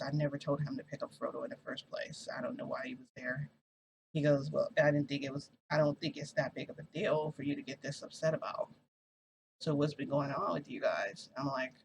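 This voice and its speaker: A woman's voice: low-pitched, noisy background. A woman vlogger telling a long story in a casual, rambling way, swearing and acting out what people said.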